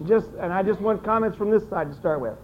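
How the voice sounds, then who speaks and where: A teacher leading a classroom discussion, briskly encouraging students and repeating their answers aloud. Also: medium pitch, a little hiss or hum. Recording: dull lo-fi classroom recording.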